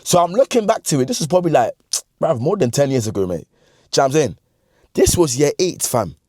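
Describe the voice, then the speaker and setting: A man in his twenties with a London accent, telling a funny story from his youth in slangy, animated talk that he breaks up with laughs. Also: fairly high pitch, fast talker, dry recording, studio quality. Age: 20s. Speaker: vlogger. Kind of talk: comedic storytime.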